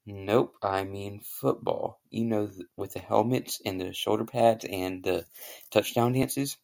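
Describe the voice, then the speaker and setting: A man's voice: on the low side, a little slow, vocal fry. A man playing a laid-back American dude. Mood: teasing. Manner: relaxed, slangy, easygoing. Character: laid-back American guy, software engineer.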